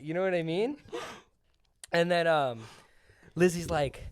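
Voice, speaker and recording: A man with a high voice tells a loose, profane story on a podcast and slips into the voices of the people in it. The mic is close and dry, with no room sound. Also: fairly quick, no room sound. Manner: rambling, profane, acts out dialogue with laughs. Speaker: podcast co-host. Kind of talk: casual storytelling.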